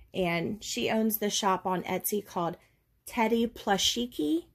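A woman, a doll collector chatting casually and rambling a little as she opens a parcel on camera. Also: medium pitch. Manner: chatty, rambling, folksy with "y'all". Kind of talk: casual unboxing chat.

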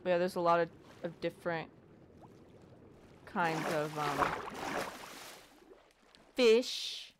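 A woman's voice: fairly low pitch, steady tone, measured pace, pauses often, heavy background noise. A woman giving casual, rambling gameplay commentary, muttering self-deprecating asides to herself as she plays. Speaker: let's play gamer.

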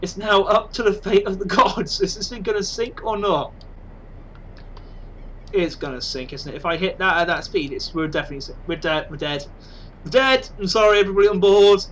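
A man casually commentating on his own game, excitable and self-mocking. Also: high voice, a little fast, slight background noise, poor audio. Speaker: gaming channel host.

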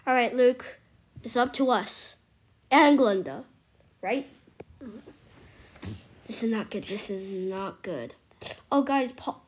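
Excitable high-voiced woman gaming. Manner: excitable, exclaiming and drops into hushed whispers. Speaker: gameplay streamer. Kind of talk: casual gameplay commentary.

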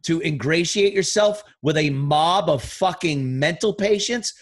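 A middle-aged man, a podcast guest, in a casual chat, talking bluntly with lots of swearing and animated storytelling. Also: a little high, unhurried. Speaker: podcast guest, radio host.

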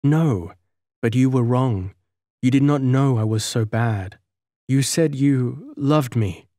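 A man reading an audiobook, voicing a gentle, shunned young village girl in a soft, earnest, wistful tone. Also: mid-range voice, slow pace, dry recording, studio quality, lightly acted. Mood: sorrowful.

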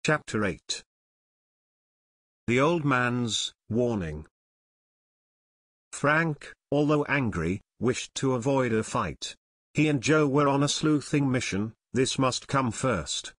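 A man narrating an audiobook in a steady, even storytelling manner. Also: medium pitch, takes it slowly, pauses often, no echo. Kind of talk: scripted narration.

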